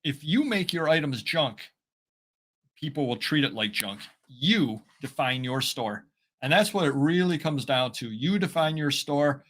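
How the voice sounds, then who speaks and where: A man co-hosting a live reselling chat, rambling and halting with many fillers, his speech a little slurred. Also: fairly high pitch, lively intonation, a bit bright. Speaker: co-host of a reselling show. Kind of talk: casual live-stream chat.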